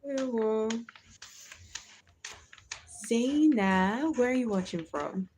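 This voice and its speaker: A woman's voice: on the high side, extremely slow, slight background noise. A young Nigerian woman from Delta State with a Warri Pidgin accent, hosting a casual livestream chat and telling stories animatedly, slipping into Pidgin. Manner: animated storytelling, switches into Pidgin. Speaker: livestream host.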